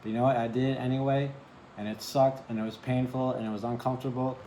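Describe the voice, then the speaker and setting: A man's voice: mid-range voice, level tone, quick pace, warm tone, reverberant, slight background noise, low-quality recording. A man giving a casual tarot reading to camera, chatty, often asking "right?" and apologizing for cursing. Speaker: tarot reader.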